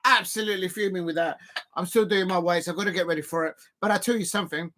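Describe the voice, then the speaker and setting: An excitable man hosts a live football watch-along, his voice bright and forceful. He jumps from playful jokes to loud, despairing outbursts. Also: high voice, fast, slight background noise. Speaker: football fan channel host.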